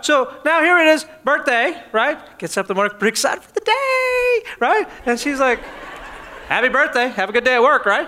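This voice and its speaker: A high, bright male pastor preaching with a playful storyteller's touch. He slips into little voices for the people in his stories and keeps checking in with the crowd. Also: slight background noise. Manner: humorous storytelling, acts out everyday scenes. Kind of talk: sermon.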